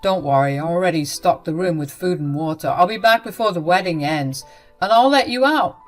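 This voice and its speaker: A woman's voice: on the low side, a little fast, faint music behind, lightly acted. A woman voicing a cold, dismissive young man who brushes his mother off.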